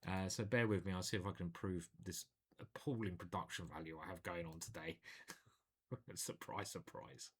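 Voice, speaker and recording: Man, chess commentary, lowish voice, chatty, self-deprecating, thinks aloud, home desk mic. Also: steady tone, fast talker, slightly rough. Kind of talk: live chess commentary while playing.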